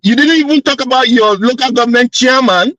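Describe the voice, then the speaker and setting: A man's voice: very high-pitched, a little fast, sharp tone, no echo, rough recording. A man arguing insistently as a panelist in a heated online discussion. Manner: insistent, indignant.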